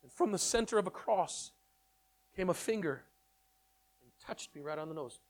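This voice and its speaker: A man telling his testimony in an animated storytelling way, excitable and repeating words in quick bursts. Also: sits high. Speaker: speaker sharing his testimony.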